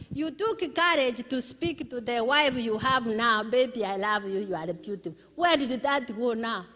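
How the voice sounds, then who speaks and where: A woman's voice: high voice, fairly bright tone, long reverb tail. A woman preaching a sermon, addressing the congregation directly with pointed questions and often repeating her words as she starts a phrase. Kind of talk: sermon on marriage. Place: church service.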